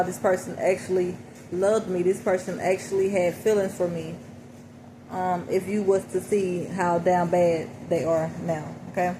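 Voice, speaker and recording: A woman speaking in a casual, reflective way, interpreting song lyrics for her listeners and often checking in with "okay?". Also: on the low side. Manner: reflective, repeats "okay?" and "you know". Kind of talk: casual spoken reading. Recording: noticeable background noise.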